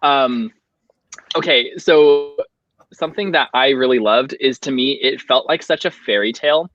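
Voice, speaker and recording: A relaxed man hosting a casual book discussion on a video call and guiding the talk. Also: medium pitch, unhurried, muffled recording. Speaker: host.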